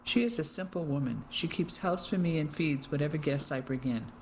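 A woman's voice: low voice, fairly quick, slight background noise. A woman voicing a hearty, protective Englishman who pleads for his wife. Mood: pleading.

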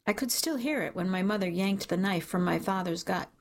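A woman reading a dark first-person story aloud in a measured, dramatic way. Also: medium pitch. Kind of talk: scripted audiobook narration.

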